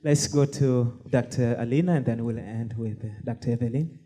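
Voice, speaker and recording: Mellow man moderating a panel. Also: medium pitch, fairly even intonation, normal speed. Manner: brief, encouraging reactions.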